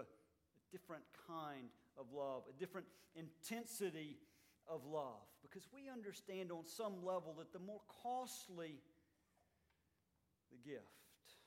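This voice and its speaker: Emphatic male pastor preaching. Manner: dynamic preaching, swings between loud emphatic and quiet low. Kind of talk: sermon. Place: church sanctuary.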